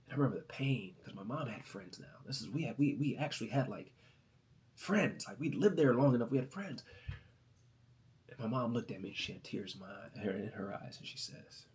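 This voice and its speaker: A man gives an inspirational talk in the manner of a sermon. He builds to loud, raised passages and then drops to a soft, near-whispered voice for personal stories. His pitch sits in the middle range. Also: animated, brisk. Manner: swings from loud preaching to soft, hushed storytelling. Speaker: motivational podcast host.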